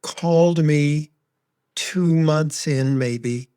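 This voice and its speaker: A man talks about loss in a measured, heartfelt tone. He speaks slowly, letting each thought land. His voice is dry and close, with no room sound. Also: on the high side, dark tone, smooth, no room sound. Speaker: grief expert guest. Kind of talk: reflective personal storytelling.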